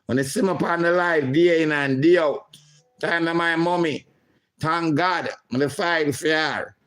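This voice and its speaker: A middle-aged man hosting a livestream, reading viewer comments aloud in a slow, emotional way. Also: fairly high pitch, steady tone, a bit bright. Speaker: livestream host.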